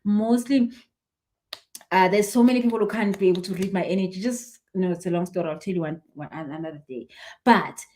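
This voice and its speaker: A woman, a spiritual healer chatting casually on a live stream, animated and quick to laugh. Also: lowish voice, a little hiss or hum. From South Africa. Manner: animated, chatty, laughs often, acts out what people say. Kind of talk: casual live-stream chat answering viewers.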